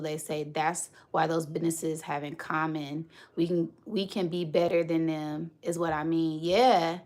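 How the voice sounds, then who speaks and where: A woman's voice: low-pitched, fairly even intonation, unhurried, a little mellow. Black woman on a live stream, chatty and preachy, reading comments to viewers. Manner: affectionate, preachy, reads out chat comments. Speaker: spiritual reader.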